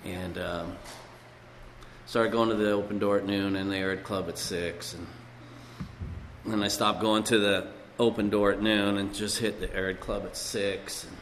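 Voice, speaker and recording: A man's voice: fairly low pitch, little pitch movement, moderate pace, a bit bright, slight background noise. Rambling man telling his story in an echoey hall. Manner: rambling storyteller, leans on "you know". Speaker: speaker at a recovery meeting. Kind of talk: personal recovery testimony. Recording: echoey hall with long reverb.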